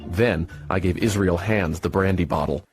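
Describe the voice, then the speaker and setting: A man narrating an adventure story in a measured, steady storytelling manner. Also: low-pitched. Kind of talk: scripted audiobook narration. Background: soft music.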